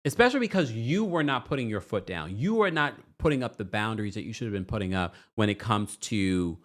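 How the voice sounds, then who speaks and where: A man hosting a casual recap podcast, talking animatedly and acting out what people said. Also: fairly low pitch. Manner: animated, acts out quotes in voices, laughs often. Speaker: podcast host.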